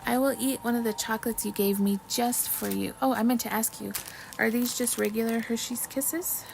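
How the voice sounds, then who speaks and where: A woman's voice: on the high side, fairly even intonation, normal speed, creaky, background noise. A woman hosting a casual livestream while crafting, chatting with viewers, reading trivia questions and often apologizing. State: mouth full of chocolate at times. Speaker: livestream host.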